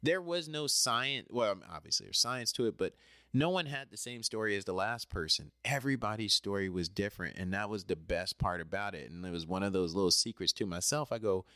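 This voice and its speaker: A man's voice: lowish voice, brisk, bright, forceful tone, clean tone, no room sound, clean studio sound. A man telling a personal story in a casual, rambling way, talking straight to the listener and apologizing when he drifts off topic. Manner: chatty, talks straight to the listener.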